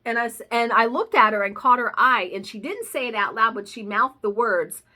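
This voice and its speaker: A woman's voice: on the high side, brisk, sharp tone. A woman vlogger telling a story in a casual, chatty way, swearing now and then. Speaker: cross-stitch vlogger.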